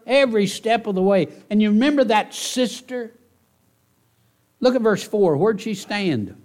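A man preaching a sermon in church, folksy and animated, often asking the congregation rhetorical questions. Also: sits high, unhurried. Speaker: pastor.

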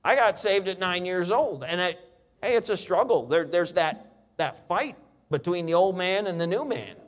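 A middle-aged man preaching a sermon, reading scripture and telling stories with lively, animated delivery. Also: moderate pace. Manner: animated storytelling preacher, reads scripture in a lower, steadier voice. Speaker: pastor.

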